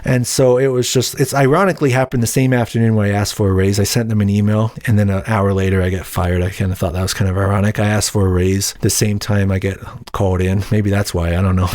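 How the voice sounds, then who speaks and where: A man's voice: fairly low pitch, steady tone, a little fast, few pauses, darkish tone, dry recording, clean studio sound. A young adult man hosts a solo podcast, telling a personal story in a candid, rambling, indignant way. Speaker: podcast host.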